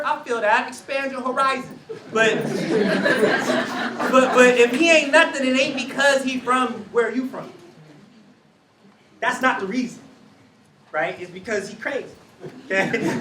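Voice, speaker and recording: A man giving an energetic, slangy talk to college students, acting out voices as he preaches. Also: very high voice, normal speed. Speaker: speaker to students. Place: large room with audience. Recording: echoey room, voice from far off.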